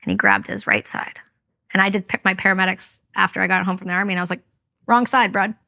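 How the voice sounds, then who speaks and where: A woman's voice: medium pitch, sing-song, fast, gravelly, sharp tone. A woman from Canada, a veteran and podcast guest, telling her story candidly and with emphasis, acting out what others said. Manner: candid, emphatic, acts out quoted speech. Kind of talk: personal storytelling in interview.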